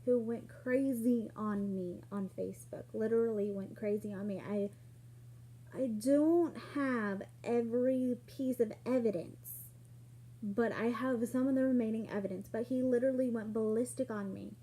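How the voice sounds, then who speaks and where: A woman telling a personal story in a casual vlog, acting out what people said with sudden jumps in pitch and loudness. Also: moderate pace, breathy edge. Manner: animated, acts out quoted lines with sudden jumps in pitch and loudness.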